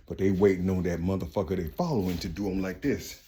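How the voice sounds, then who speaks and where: A man's voice: sits low, quick pace, dark tone. A man talking in a rambling, profane spoken monologue full of street slang, slipping into voices of the people he describes.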